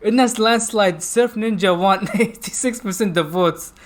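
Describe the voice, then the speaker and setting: A man speaking English as a second language, chatting loosely about a film. His voice sits fairly high, and he rambles, restarts and gropes for words as he goes. He laughs a lot while he talks. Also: measured pace. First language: not English. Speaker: podcast co-host reviewing a film. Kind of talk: casual chat.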